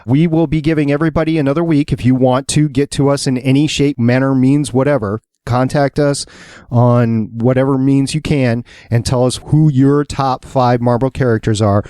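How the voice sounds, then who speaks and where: A man's voice: mid-range voice, steady tone, moderate pace, mellow, smooth, no room sound, studio quality. A man co-hosting a podcast, bantering in an emphatic, teasing way during casual chat. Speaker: podcast co-host.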